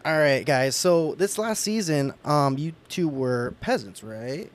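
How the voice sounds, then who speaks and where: A man's voice: on the high side, animated, measured pace. A man hosting a podcast in an upbeat, casual chat who swears freely. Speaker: podcast host.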